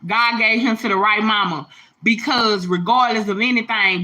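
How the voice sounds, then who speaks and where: A mom hosting a laid-back livestream speaks right to her viewers, her voice bright, forceful, slangy and emphatic. Medium in pitch and normal in speed, she comes across slightly teary and heartfelt.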